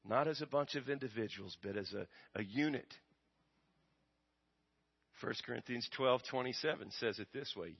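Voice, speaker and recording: An American pastor with a mid-range, slightly breathy voice preaches at a normal speed, posing questions to his congregation and pausing for their replies. His volume swings between loud and soft in a call-and-response style. The recording is dull and lo-fi.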